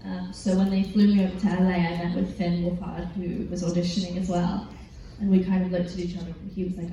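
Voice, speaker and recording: Her dark-toned voice is fairly low in pitch and moves at normal speed. She's a teen actress with an English accent on a panel in a large convention hall, answering fan questions chattily and gigglingly, rambling with lots of fillers, recorded distantly in the echoey hall with faint noise.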